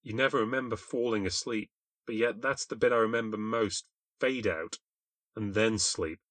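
British man, low voice, dry close sound, wry confessional story narration. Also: moderate pace, fairly bright tone, no room sound. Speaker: podcast host and narrator. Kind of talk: scripted first-person storytelling.

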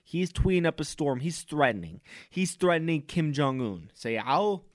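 A man's voice: on the high side, very animated, moderate pace, no echo. Fired-up man ranting in a dry room. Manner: loud, fired-up, mock-pompous. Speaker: podcast host. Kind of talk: comic ranting monologue.

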